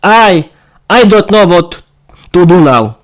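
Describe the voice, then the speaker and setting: A man voicing a strict, domineering vampire matriarch who barks commands, in a raised, higher voice. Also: expressive, slow pace. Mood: sobbing. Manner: barking, commanding, then sobbing.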